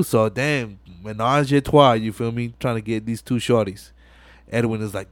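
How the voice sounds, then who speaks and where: A man's voice: mid-range voice, moderate pace, no echo. Slangy man recapping a movie, dry sound. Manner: slangy, profane, animated storytelling with many fillers. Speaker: podcast host.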